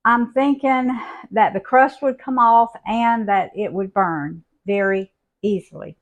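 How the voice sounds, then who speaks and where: An older woman, showing a home cooking recipe in a folksy, unhurried way from her kitchen. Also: fairly high pitch. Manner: folksy, unhurried, homey talk. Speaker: cooking channel host.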